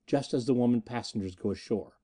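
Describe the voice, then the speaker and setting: A male narrator voices a young woman plotting in secret, who speaks in a quick, hushed whisper. Her voice is soft and low, with a dark, mellow tone. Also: lightly acted. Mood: urgent.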